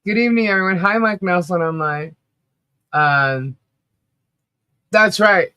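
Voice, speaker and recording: A woman co-hosting a casual livestream chat, rambling and laughing often, with a slight cough and a rough throat. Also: lowish voice, a little slow, sharp tone. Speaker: livestream co-host.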